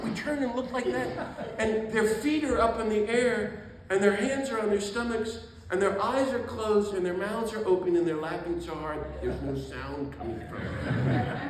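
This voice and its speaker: A man in his sixties, a priest telling a story to an audience, acting out the people in it and laughing often. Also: sits high. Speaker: Catholic priest and author speaking. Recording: very echoey hall, faint room noise.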